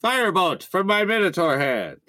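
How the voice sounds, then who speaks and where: A man's voice: high-pitched, big pitch swings, normal speed, bright, forceful tone, no room sound. A man playing in a tabletop game, cheerful and hesitant as he picks his moves. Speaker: player. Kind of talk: casual tabletop play.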